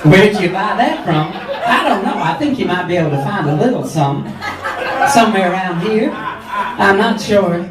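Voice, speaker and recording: A man's voice: high-pitched, animated, normal speed. A man performing as a brash, catty drag queen hostess, teasing a live audience with sarcastic, mock-haughty crowd work. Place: pub or club function room, live audience. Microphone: camera filming from the audience, far off. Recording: echoey room, far from camera, loud crowd. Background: audience laughter and chatter.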